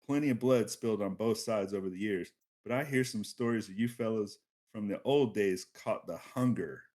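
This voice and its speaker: A man putting on a gravelly, drawling voice for a sly roguish drifter. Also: lowish voice, unhurried, a little mellow.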